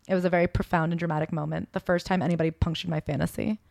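A woman co-hosting a podcast, chatting casually about a memoir and reading passages from it aloud in a soft, subdued tone. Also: on the low side, little pitch movement, very fast, vocal fry, no room sound, studio quality. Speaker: podcast co-host.

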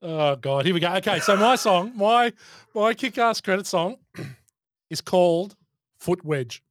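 High-voiced man, dry close sound. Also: animated, a bit bright, no echo. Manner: exclamatory, quick to laugh. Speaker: podcast co-host. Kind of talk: casual movie-review chat.

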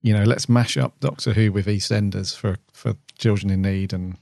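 Low-voiced, easygoing man. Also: normal speed, creaky, no echo, clean studio sound. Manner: relaxed, easygoing, agreeable. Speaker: podcast co-host. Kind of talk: casual chat.

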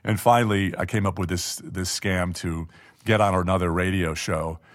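A man's voice: low-pitched, fairly even intonation, normal speed. Chatty self-deprecating man telling a story. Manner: chatty, self-deprecating, frequent restarts and laughs. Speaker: guest telling a personal story. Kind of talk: casual storytelling interview.

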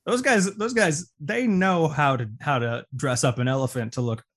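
A man's voice: a little high, normal speed, fairly bright tone. A man co-hosting a music podcast in casual chat, enthusiastic and rambling, with many fillers. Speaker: podcast co-host.

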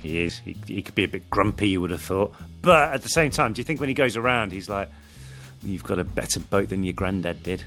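A man's voice: on the low side, lively intonation, a little fast, fairly bright tone, faint music behind. A man co-hosting a podcast, chatting casually with playful, mock-serious banter. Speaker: podcast co-host. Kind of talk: casual chat.

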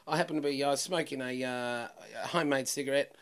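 A middle-aged comedian in casual chat, telling anecdotes and acting out the people in them. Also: male voice, mid-range voice, fast talker, noisy background. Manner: animated, acts out voices in anecdotes.

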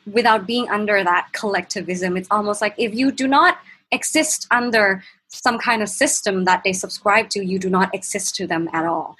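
Young woman guest, husky, halting candid storytelling. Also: medium pitch, a bit bright, poor audio. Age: young adult. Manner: halting, with restarts and fillers, reenacting quotes. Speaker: podcast guest.

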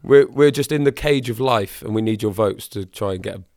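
A man's voice: fairly low pitch, a little fast, a little mellow, dry recording, clean studio sound. A man co-hosting a podcast, bantering and plugging the show in an upbeat way. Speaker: podcast co-host. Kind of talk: casual chat.

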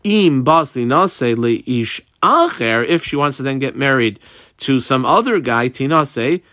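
A man's voice: mid-range voice, animated, unhurried, sharp tone, dry recording, clean studio sound. A man teaching a Talmud class. He reads the text aloud and translates it line by line, frequent "uh" fillers.

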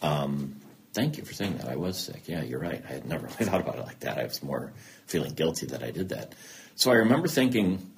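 A low-voiced man speaks candidly about his own past, earnest and a little self-deprecating, acting out the dialogue he remembers. His delivery swings widely in pitch, and a faint background hiss sits under the recording. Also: big pitch swings, fast, gravelly. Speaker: interview guest. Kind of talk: candid personal story in an interview.

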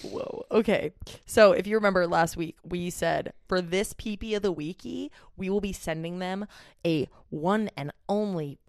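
A woman's voice: fairly low pitch, normal speed, no room sound, studio quality. A woman co-hosting a podcast in casual chat, playful and teasing, often giggling. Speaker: podcast co-host. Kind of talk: casual chat, reading listener reviews.

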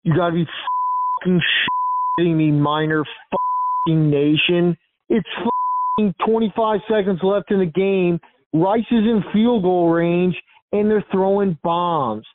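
A man's voice: high-pitched, huge pitch swings, measured pace, slight background noise. A man leaving a furious, cursing voicemail over a phone line. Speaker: voicemail caller.

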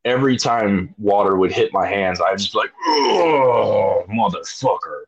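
A man, a podcast guest, telling a story with heavy swearing and loud acted-out shouts. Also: on the low side, fairly quick, highs cut off. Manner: profane, emphatic, acts out his own shouts. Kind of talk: animated storytelling.

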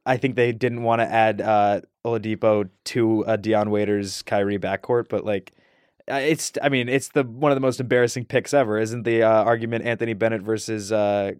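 A man's voice: lowish voice, steady tone, moderate pace, a little mellow, smooth, dry recording. A man from Ohio as a podcast guest in a studio, rambling and hesitant with many fillers. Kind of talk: casual podcast chat.

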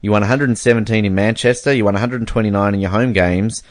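A man's voice: on the low side, quick pace, no echo, studio quality. A man hosting a casual sports podcast, talking with lots of fillers and frequent laughter. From Australia. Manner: chatty, laughs often, many fillers. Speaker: podcast host.

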